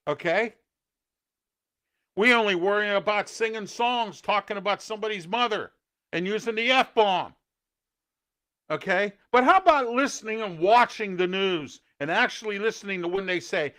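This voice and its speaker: A man's voice: high voice, animated, moderate pace, fairly bright tone. A man hosting an opinion show, ranting and scolding indignantly at people he finds foolish. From Pittsburgh area. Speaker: host.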